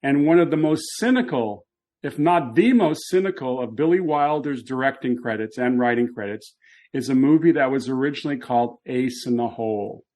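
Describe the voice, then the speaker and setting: A man's voice: mid-range voice, fairly quick, darkish tone. A man co-hosting a podcast about classic Hollywood, explaining films in a thoughtful, conversational way. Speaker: podcast co-host. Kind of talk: casual film discussion.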